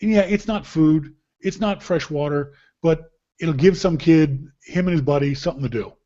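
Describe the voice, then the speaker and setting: A man hosting a podcast, chatting casually and telling joking, animated stories about holiday gifts. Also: a little high, moderate pace, dull audio. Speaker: podcast host. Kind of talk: casual gift-guide chat.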